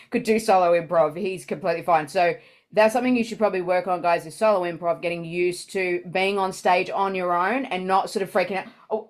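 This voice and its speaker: Low-voiced improviser woman breaking down her show, casual and chatty. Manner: chatty, teaching tips, many fillers. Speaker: improviser giving commentary. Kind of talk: casual reaction commentary.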